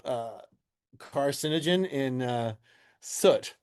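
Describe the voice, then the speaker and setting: A man's voice: mid-range voice, slow, a little mellow. A man appearing as a podcast guest, chatting in a wry, hesitant way, searching for words. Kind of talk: casual podcast chat.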